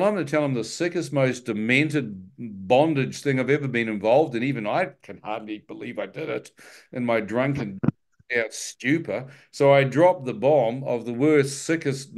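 A man sharing his personal testimony with a live church audience, telling it vividly and with self-mocking humor. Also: medium pitch.

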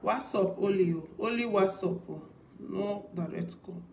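A woman's voice: medium pitch, a little slow, vocal fry, a little mellow, a little hiss or hum. A woman vlogger with a Nigerian Pidgin accent, giving casual commentary on a video in an emphatic, repetitive way with rhetorical questions.

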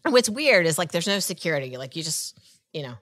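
A woman's voice: on the low side, sing-song, fast, a bit bright, no room sound, clean studio sound. Chatty woman telling a rambling story. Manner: rambling, restarts often, laughs through her story. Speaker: podcast co-host. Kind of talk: casual chat, storytelling.

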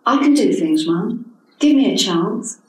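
A woman's voice: mid-range voice, animated, a little slow, a little mellow, natural voice. An earnest, proud young man, read by an older English woman protests with prickly dignity. It sounds distant, caught in a hall full of echo. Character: earnest young adult son, proud and touchy. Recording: echoey hall from a distant mic.

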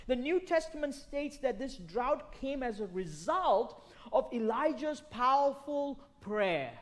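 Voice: high voice, lively intonation, a little slow. A pastor preaching a sermon in a conversational way, repeating phrases, asking the congregation questions and checking in with "right?".

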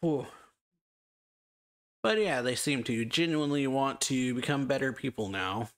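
Reaction host, male, unhurried delivery, offhand recap of an episode, mid-pitched. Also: animated. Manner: short murmured reactions and chuckles, then a loose recap.

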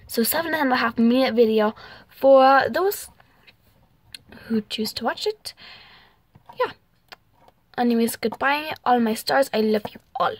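A woman's voice: a little high, no room sound. A young woman hosting a casual home vlog, talking in a rambling way with fillers, trailing off and small giggles. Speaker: channel host.

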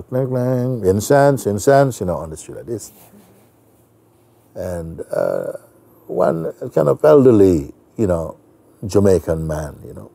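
Gravelly, very dark-voiced man telling a story. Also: deep voice, no room sound. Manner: soft, meandering, full of "you know". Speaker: spiritual teacher. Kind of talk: storytelling during a spiritual talk.

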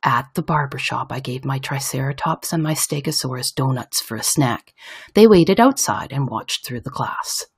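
A woman reading a children's picture book aloud with expressive storytelling. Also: very deep voice, normal speed, slightly rough.

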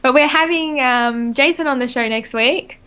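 A woman's voice: sits high, moderate pace, sharp tone, clean tone. An Australian woman hosting a casual gaming podcast, chatty and rambling, with lots of fillers and self-corrections. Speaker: podcast host.

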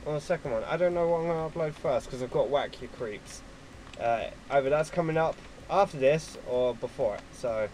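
A man giving casual gameplay commentary at his computer, excitable and quick to swear at opponents. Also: a little high, slight background noise, poor audio. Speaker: gaming YouTuber.

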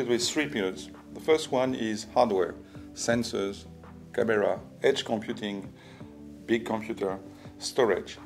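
An older man with a French accent, a business executive telling his story to camera in halting speech full of restarts. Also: on the low side. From France. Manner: halting, with many restarts and fillers. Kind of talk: personal talk to camera.

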